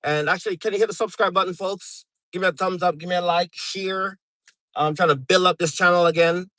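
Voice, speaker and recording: Casual male live streamer, middle-aged, from Canada, slightly high voice, rambling, lots of fillers, dry sound. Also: steady tone, brisk, sharp tone, no echo, rough recording. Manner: rambling, chatty, many fillers and restarts.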